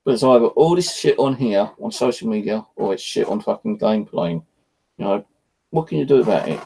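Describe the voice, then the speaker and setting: A low, gravelly man talks in a loose, rambling way, full of swearing and frustration. His voice sits dark and mellow, like a casual evening chat recorded at home. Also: expressive, brisk, rough recording. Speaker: vlogger. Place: at home, indoors.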